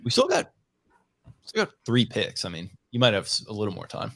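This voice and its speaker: A man's voice: lowish voice, wildly swooping pitch, brisk, gravelly, sharp tone. A man co-hosting a podcast, trading teasing jokes in casual chat. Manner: teasing, joking banter. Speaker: podcast co-host. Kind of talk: casual draft-night chat.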